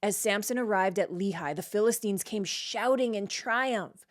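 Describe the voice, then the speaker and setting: A woman hosting a casual Bible study, reading verses aloud and then reacting and explaining them in everyday talk, often checking in with a quick "right?". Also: medium pitch. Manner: frequent "like" and "right?" checks with the listener.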